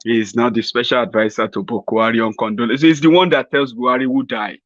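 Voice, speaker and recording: A man's voice: mid-range voice, steady tone, fast, fairly bright tone, no echo, muffled recording. A Nigerian man giving a rambling, mocking satirical political commentary to his viewers. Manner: mocking, rambling, chuckles at his own jokes.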